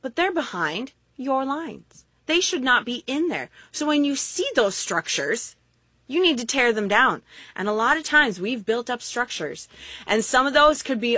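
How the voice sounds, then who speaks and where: A woman's voice: fairly high pitch, unhurried, slightly rough, no echo. A woman preaching a sermon, mixing scripture with playful, exaggerated stories. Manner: animated, playful, vivid exaggeration. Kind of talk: sermon with humorous storytelling.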